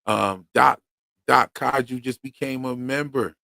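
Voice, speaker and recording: A man's voice: mid-range voice, fairly even intonation, measured pace, gravelly, sharp tone, no echo. Casual Philly-accented man chatting. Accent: Philadelphia. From Pennsylvania. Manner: loose, slangy, reads chat comments aloud. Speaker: podcast co-host. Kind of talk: casual livestream chat.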